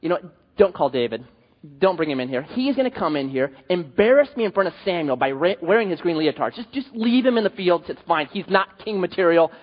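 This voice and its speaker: A man doing a fed-up, nagging father, voice pushed up high and swinging wildly as he pleads. The sound is a little dull and trails off into long hall reverb. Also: expressive, a little fast. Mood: embarrassed. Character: exasperated father pleading with his odd son.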